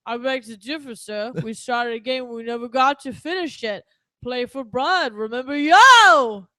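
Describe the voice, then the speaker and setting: A woman hams up a mumbling male boxer, loud and drawling. The voice pushes up and out with bright, forceful edges. It is recorded close and dry. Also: high-pitched, unhurried, dry recording. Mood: tough. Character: impression of a mumbling tough-guy boxer, male. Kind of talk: casual podcast impression.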